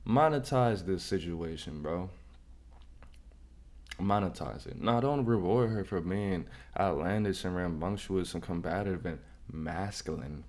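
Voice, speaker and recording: Low voiced dude giving bro advice, preachy, keeps repeating lines. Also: male voice, unhurried, darkish tone. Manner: preachy, repetitive, emphatic. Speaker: reaction channel host. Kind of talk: casual commentary advice.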